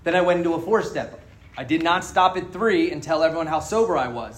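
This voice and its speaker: A man with a fairly high, lively voice talks fairly quickly while telling his story at a recovery meeting. His candid testimony to the group is joking and laced with swearing, and the meeting room with its audience produces a roomy echo.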